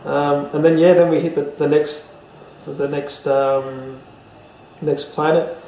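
A man's voice: a little high, steady tone, unhurried, warm tone, slight background noise. Man telling a story in a roomy space. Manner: rambling, with many fillers and restarts. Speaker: interview guest. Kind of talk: casual storytelling. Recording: roomy, distant mic, faint ambience.

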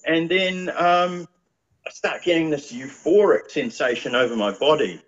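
A man's voice: on the high side, normal speed, highs cut off, slight background noise. A man, chatting casually as a guest with a rambling manner and lots of fillers. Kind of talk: casual chat.

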